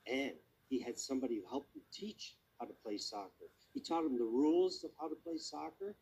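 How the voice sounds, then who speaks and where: A man tells a children's sermon in a breathy, husky voice. His pitch rises and falls a great deal as he tells the story. He keeps stopping to ask the young listeners questions. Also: low-quality recording. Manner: animated, asks listeners questions.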